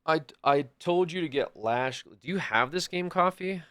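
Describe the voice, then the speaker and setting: A man's voice: a little high, animated, measured pace, fairly bright tone, no echo, clean studio sound. A man livestreaming a game, talking loosely and jokingly to his chat, swearing and calling them dude. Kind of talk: casual gameplay stream chat.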